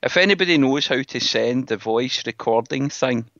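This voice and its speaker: A man's voice: medium pitch, expressive, moderate pace, a bit bright, no echo, lo-fi sound. A Scottish man hosting a podcast, chatting casually and joking with his co-hosts. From Scotland. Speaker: podcast host. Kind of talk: casual chat.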